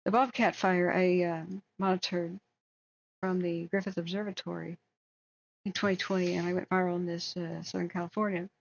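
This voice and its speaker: Woman livestream host, gravelly low voice, rambling and opinionated, dull lo-fi audio. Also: little pitch movement, moderate pace. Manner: rambling, opinionated, reads chat aloud. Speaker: livestream host tracking wildfires. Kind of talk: casual livestream chat.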